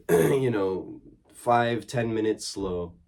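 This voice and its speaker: A man giving a relaxed one-on-one drum lesson, explaining strokes in halting phrases and singing out the drum syllables. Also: on the low side. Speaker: drum teacher. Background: drumming.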